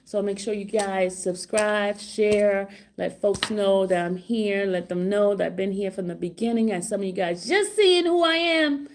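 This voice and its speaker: A middle-aged woman vlogging casual commentary outside a courtroom, excited and laughing, repeating herself. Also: medium pitch. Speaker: trial vlogger. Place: outside a courtroom, hallway area.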